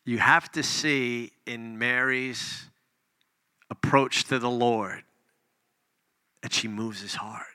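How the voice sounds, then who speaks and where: A man preaching a sermon, reading scripture and explaining it conversationally, swinging between loud emphasis and hushed near-whispers. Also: mid-range voice, fairly even intonation, takes it slowly, long pauses, smooth, no echo. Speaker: pastor.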